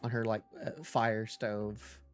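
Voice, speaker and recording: A man's voice: fairly low pitch, level tone, takes it slowly, faint music behind. A man acting as game master, narrating a tabletop game with many fillers.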